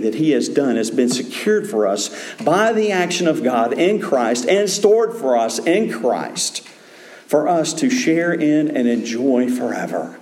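A man preaching a sermon as pastor, earnest, dropping to a hush and then rising to emphatic calls. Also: medium pitch, very animated, unhurried, roomy sound.

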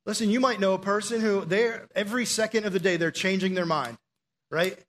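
A young man preaching a sermon in an animated, emphatic, conversational way. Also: sits high, brisk.

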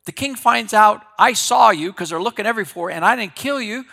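A man's voice: sits high, a little fast, gravelly, pushed and bright, voice pushed up, heavily acted. A man voicing a frightened servant who pleads frantically, his voice jumping well above his own. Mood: panicked. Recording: long hall reverb.

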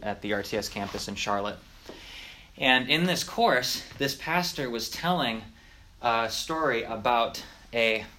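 Bright-voiced man telling a story. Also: on the low side, a little hiss or hum. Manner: chatty, conversational, with laughs and asides. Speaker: Sunday school teacher. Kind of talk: casual storytelling lesson.

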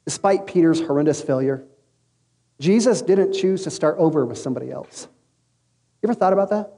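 High-voiced preacher in a reverberant hall. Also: male voice, fairly quick. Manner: storytelling, casual slang, lively acted quotes. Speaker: pastor. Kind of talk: sermon. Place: large room with an audience.

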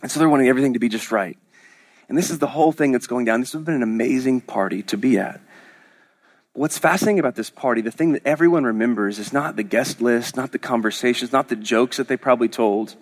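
A man's voice: medium pitch, quick pace. A man from Oklahoma preaching a sermon as pastor, in a conversational, joking storytelling manner with frequent restarts.

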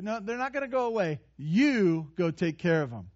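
A man preaching a sermon in a conversational, animated way, with playful asides and frequent restarts. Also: high voice, a little slow, dull audio. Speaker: pastor.

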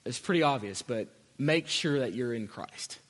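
A man's voice: medium pitch, animated, normal speed, fairly bright tone. A man preaching a sermon as pastor, earnest and emphatic, repeating his key phrases. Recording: long hall reverb.

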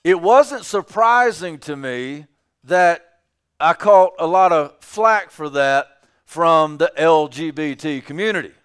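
High-voiced, slow, emphatic male preacher. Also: animated, fairly bright tone, clear, resonant tone. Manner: emphatic preaching with repeated phrases. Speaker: pastor. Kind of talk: sermon.

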